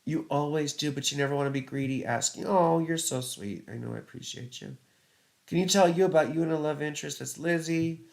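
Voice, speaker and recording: A man's voice: on the high side, fairly quick, gravelly, darkish tone. A man hosting a casual live-stream of astrology chart readings, chatty and rambling, filling his talk with "you know" and "right". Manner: reads viewer comments aloud and laughs at own slips. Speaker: astrologer host.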